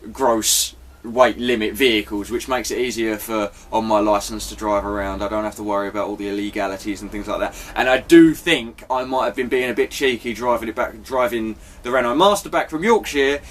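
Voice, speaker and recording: A man's voice: fairly low pitch, brisk, hardly any pauses. Apologetic rambling man. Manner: apologetic, chatty, swears, restarts takes. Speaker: vlogger. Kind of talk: rambling casual vlog update.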